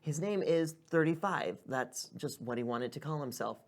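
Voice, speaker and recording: A woman's voice: low voice, animated, moderate pace. A woman playing a tabletop game, asking question after question. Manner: inquisitive, questioning. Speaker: player.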